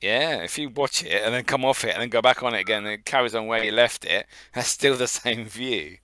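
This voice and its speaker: A man with a Northampton accent co-hosting a casual podcast, relaxed, laughing and swearing freely. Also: medium pitch, fairly quick. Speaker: podcast co-host. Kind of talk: casual chat.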